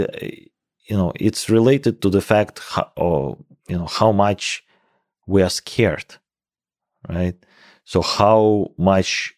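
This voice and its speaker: Russian-accented man, forties, deep voice, dry close sound, halting interview talk. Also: darkish tone, dry recording. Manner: hesitant, many fillers and restarts. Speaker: guest scientist. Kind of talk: casual interview conversation.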